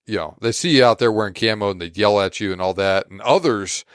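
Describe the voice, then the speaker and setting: A man with a fairly low voice hosts a podcast in an easygoing, chatty way, laughing often. The sound is dry and close to the mic, with no room echo. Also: fast, smooth. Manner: laid-back, laughs often, says "man". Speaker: podcast host. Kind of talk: casual podcast chat.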